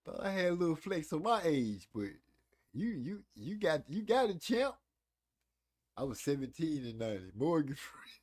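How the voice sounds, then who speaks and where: He's in his forties, teasing viewers and reading chat aloud as he chats about old movies on a casual live stream. His voice is on the high side and a little mellow, sing-song, at a moderate pace.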